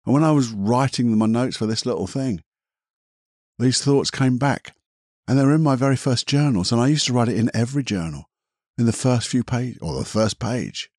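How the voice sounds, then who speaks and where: Gentle rambling male therapist, husky. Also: mid-range voice, no room sound, clean studio sound. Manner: gentle, rambling, self-correcting. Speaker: therapist podcast host. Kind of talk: reflective podcast monologue with guided imagery.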